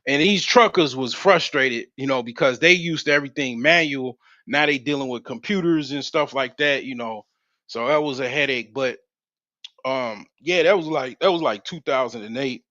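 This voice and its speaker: Speaking at normal speed in a mid-range voice with a bright, forceful tone, a forty-something livestream host tells a wandering, slangy story riddled with restarts and profanity. No room sound, just a slightly dull, dry lo-fi mic.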